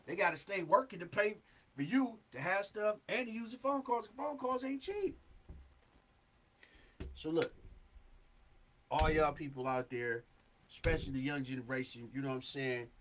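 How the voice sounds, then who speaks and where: Man, talk show host, high voice, emphatic, casual street talk. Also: expressive, normal speed, long pauses, fairly bright tone. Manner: earnest, emphatic street talk with many "you know what I'm saying". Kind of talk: casual advice monologue.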